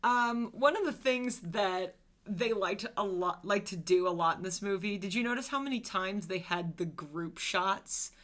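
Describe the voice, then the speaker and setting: A woman in her thirties co-hosting a podcast, chatting about a movie in a lively way and laughing often. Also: mid-range voice, a little slow. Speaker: podcast co-host. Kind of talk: casual movie-discussion chat.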